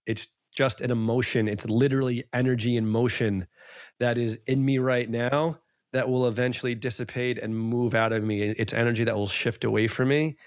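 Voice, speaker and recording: A man's voice: mid-range voice, flat delivery, moderate pace, no echo, clean studio sound. A man hosting a podcast, talking in an earnest, emphatic way and circling back over his points. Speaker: podcast host. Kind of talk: casual podcast conversation.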